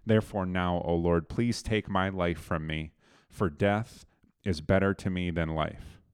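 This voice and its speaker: A man's voice: deep voice, fairly even intonation, a little slow, clear, resonant tone, no room sound, studio quality. A man casually retelling a Bible story to a co-host, loose and conversational, with fillers and restarts.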